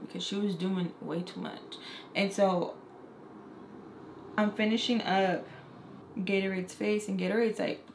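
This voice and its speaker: A woman's voice: mid-range voice, a little hiss or hum. A young woman makeup artist telling a casual storytime, chatty and profane, acting out the people she quotes. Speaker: makeup artist and beauty vlogger. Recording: echoey room.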